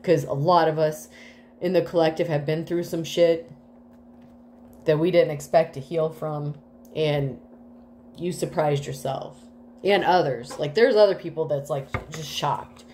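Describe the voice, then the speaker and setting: A woman's voice: low voice, fairly even intonation, a little slow, a little mellow, slight background noise. A woman giving a casual tarot reading to the collective, rambling with many fillers, swearing freely and getting emotional. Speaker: tarot reader.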